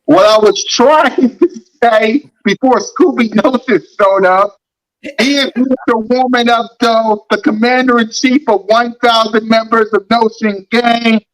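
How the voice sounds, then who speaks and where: A man's voice: extremely high pitch, fairly even intonation, a little slow, a bit bright, poor audio. A man hosting a fan sports talk show, ranting in a heated, mocking way and repeating lines for emphasis.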